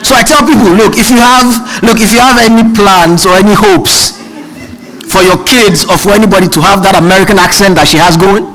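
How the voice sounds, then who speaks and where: A man with a Nigerian accent tinged with British tones, speaking in a high voice. He tells self-mocking stories in an animated way to a seminar audience. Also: a little fast, rough recording. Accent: Nigerian, mixed with British. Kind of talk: humorous storytelling speech.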